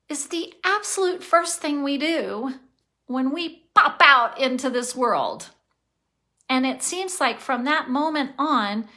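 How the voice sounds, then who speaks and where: A woman speaks straight to her viewers in a relaxed vlog, slow and thoughtful. Her voice sits a little high and rings bright. She comes across as earnest and passionate, pausing to sigh as she thinks aloud. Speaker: vlogger. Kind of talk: casual vlog monologue.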